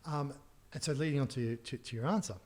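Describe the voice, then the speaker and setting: A middle-aged man, a tech entrepreneur as interview guest, telling anecdotes with laughs and quick restarts. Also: medium pitch, darkish tone. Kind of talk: casual storytelling in a podcast interview.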